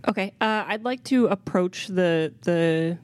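A woman at a tabletop game who speaks in a measured way with dry humor, at a lowish pitch. She sounds close and dry. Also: no room sound. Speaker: player. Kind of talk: tabletop role-play.

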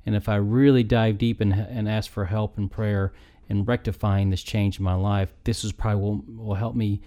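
A man talking about faith on a talk show, rambling and halting as he searches for words. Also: fairly low pitch, little pitch movement, mellow.

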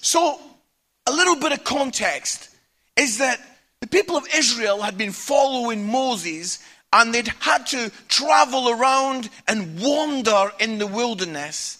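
A preacher in his forties speaks from a church stage with a high, bright, forceful voice. He tells stories candidly and with humour, animated throughout. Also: unhurried. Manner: candid, humorous, animated storytelling. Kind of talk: sermon with personal storytelling.

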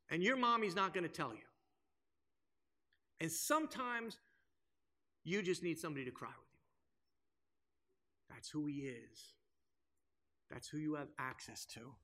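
A male pastor preaching a sermon, swinging from loud emphasis to hushed, slow lines. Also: on the high side.

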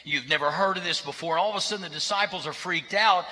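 Bright-voiced preacher in an echoing hall. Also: male voice, a little high, quick pace. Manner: conversational, joking asides. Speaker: pastor. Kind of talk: sermon. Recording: reverberant hall.

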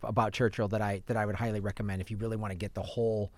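A man's voice: on the low side, level tone, rapid-fire, dry recording. A man co-hosting a podcast, chatting casually about films and telling rambling stories with many restarts. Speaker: podcast co-host. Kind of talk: casual film chat.

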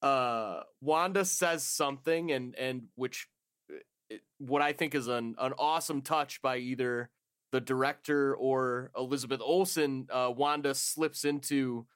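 Excitable man chatting on a podcast. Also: medium pitch, measured pace, smooth. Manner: excitable, laughs often, swears casually. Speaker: podcast co-host. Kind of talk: casual chat.

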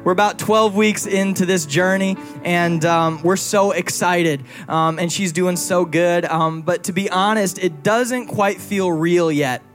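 A young male pastor preaches to his church in a relaxed, chatty way, telling personal stories and gently ribbing his wife. His voice sits high for a man. Faint music plays quietly underneath. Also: measured pace, hardly any pauses. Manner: conversational and playful, teasing his wife. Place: church before a congregation.

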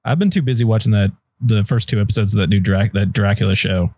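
A man's voice: on the low side, quick pace, mellow, no echo. A young man in casual chat, telling wry, profane asides.

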